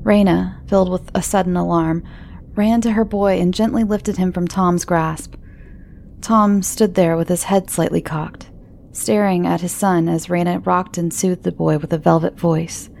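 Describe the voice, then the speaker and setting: Woman narrator for horror fiction, low and gravelly, calm and measured. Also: slight background noise.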